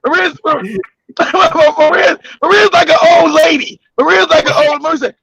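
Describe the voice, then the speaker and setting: A man with a very high, gravelly voice hosts a casual comedic talk show, laughing and telling stories loudly. The recording is dry and lo-fi. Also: measured pace, dry recording. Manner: loud, laughing, animated storytelling. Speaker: podcast host. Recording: dull dry lo-fi audio.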